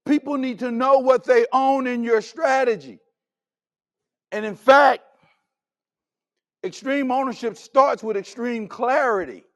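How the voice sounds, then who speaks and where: A man's voice: extremely high pitch, a little slow, pauses often. A man giving a motivational keynote, telling stories dramatically and acting out the dialogue. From Texas. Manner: dramatic, acts out dialogue, emphatic. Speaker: keynote speaker.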